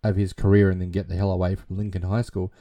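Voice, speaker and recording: A man's voice: sits low, level tone, quick pace, muffled recording. A man casually retelling a film plot, rambling with constant fillers and casual swearing. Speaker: film recap narrator.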